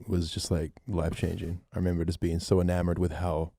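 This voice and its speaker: A man's voice: low voice, little pitch movement, brisk, gravelly, background noise. A man co-hosting a podcast, chatting casually and laid-back with short reactions. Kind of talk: casual chat.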